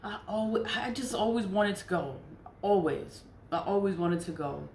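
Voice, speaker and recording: A woman's voice: mid-range voice, lively intonation, moderate pace, creaky, a little mellow, slight background noise. A woman telling a rambling personal story in a casual vlog, repeating herself and laughing often. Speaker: vlogger. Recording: roomy echo.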